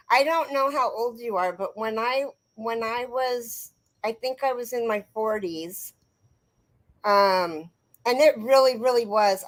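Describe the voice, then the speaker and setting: A woman's voice: a little high, a bit bright, poor audio. Middle-aged lady rambling on her crochet livestream, talking to viewers by name. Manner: chatty, rambling, talks straight to viewers by name. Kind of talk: casual live chat reading comments.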